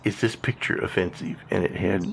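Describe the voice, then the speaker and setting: A very low, gravelly-voiced man trading dry, wry remarks as a podcast co-host. He talks casually, with faint hiss in the background. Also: steady tone, a little fast. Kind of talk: casual conversation.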